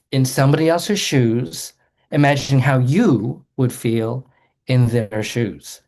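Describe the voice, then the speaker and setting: A man's voice: medium pitch, takes it slowly, darkish tone. A man, a doctor, giving an earnest explanatory talk to a group, often repeating words as he restarts a sentence.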